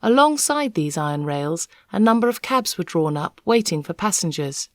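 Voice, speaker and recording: A woman reading a children's novel aloud, an expressive, measured storyteller. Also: fairly low pitch, no echo, clean studio sound. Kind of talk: expressive read-aloud narration.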